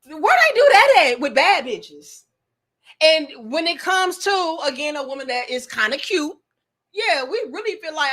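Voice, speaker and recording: A woman hosting a casual livestream, reading chat comments and giving blunt, profane, animated advice. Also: high voice, a little slow.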